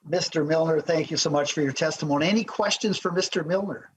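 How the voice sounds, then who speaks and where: A man's voice: fairly high pitch, fast talker, husky, poor audio. A man chairing a legislative hearing who thanks and calls witnesses in a courteous, friendly way. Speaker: committee chair.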